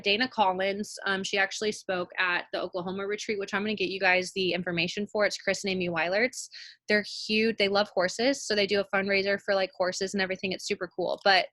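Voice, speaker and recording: A woman's voice: medium pitch, bright, forceful tone, no echo. A woman leading a motivational team call, emphatic and repeating phrases for effect. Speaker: team leader. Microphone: call audio.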